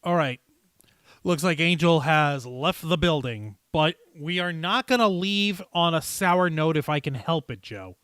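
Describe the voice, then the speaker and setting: A man hosting a casual livestream, talking in a loose, energetic way and swearing freely. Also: a little high, measured pace, clean tone, dry recording. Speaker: host.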